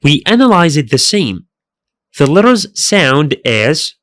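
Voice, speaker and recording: A man's voice: on the high side, very animated, slow, fairly bright tone, no room sound, studio quality. A man teaching a pronunciation lesson in careful scripted narration, repeating each sound twice. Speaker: language teacher.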